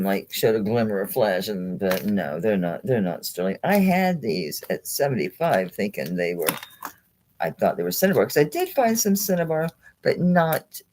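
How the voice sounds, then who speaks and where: Woman with a very low voice and an animated, bouncy delivery, rambling chatty live-sale host. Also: a little hiss or hum, poor audio. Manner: rambling, chatty, thinks aloud, laughs often, talks to viewers by name. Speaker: online jewelry seller hosting a live sale. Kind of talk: casual live-stream selling chat.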